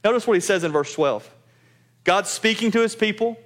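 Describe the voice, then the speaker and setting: A man with a high-pitched voice preaches a sermon as pastor. He speaks with emphasis and repeats his key phrases for weight. He addresses his congregation directly. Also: lively intonation, fairly quick.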